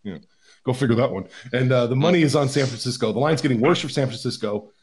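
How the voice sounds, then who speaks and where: A man's voice: medium pitch, quick pace. A man co-hosting a sports betting podcast, chatting casually about where the money and public are.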